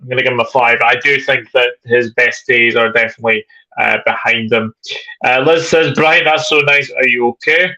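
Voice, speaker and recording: Bright-voiced man hosting a live stream. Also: mid-range voice, steady tone, normal speed, low-quality recording. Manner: reads viewer comments aloud, chatty. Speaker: host. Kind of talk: live-stream football chat, reading chat.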